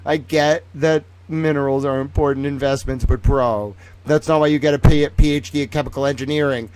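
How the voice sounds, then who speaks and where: This is a man on a livestream talking fast and loose, full of sarcasm and swearing. He keeps slipping into little acted-out exchanges between imagined people, and his voice sits in an ordinary middle pitch. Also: noisy background. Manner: animated, sarcastic, swears freely, acts out imagined dialogue. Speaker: independent streamer and commentator. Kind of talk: profane rambling monologue.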